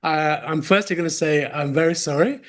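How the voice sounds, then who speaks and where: Young English-accented male presenter, friendly, slightly high voice. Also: moderate pace, fairly bright tone. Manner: friendly, apologetic, mixes in Arabic phrases. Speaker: community researcher presenting. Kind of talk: conference presentation.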